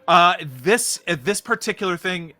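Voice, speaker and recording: A man running a tabletop horror game as game master, narrating with laughs and halting restarts. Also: sits high, bright, forceful tone, faint music behind.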